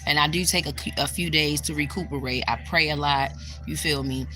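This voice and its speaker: Soft music plays behind a young woman with a low, steady voice who talks fairly quickly. She's a spiritual vlogger on a livestream, casually responding to viewer comments in a blunt, heavily profane way and breaking into loud exclamations.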